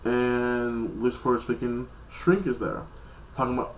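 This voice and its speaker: A man's voice: medium pitch, steady tone, unhurried, roomy sound, a little hiss or hum, low-quality recording. A man casually recapping a TV episode in a rambling, loose way, with heavy use of filler words. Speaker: TV episode reviewer.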